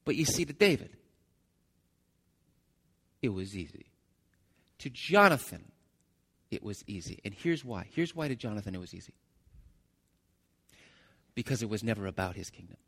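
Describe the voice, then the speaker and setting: A man's voice: on the low side, very animated, moderate pace, long pauses, a bit bright, husky, big-room sound. A man preaching a sermon, retelling a story with restarts and asides to the congregation. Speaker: pastor.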